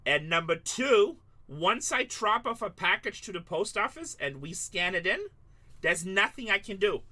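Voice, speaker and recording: A man with a high, sing-song, sharp voice hosts a live card-breaking stream at a measured pace. He sounds tired, chatting loosely with viewers and joking back at their comments.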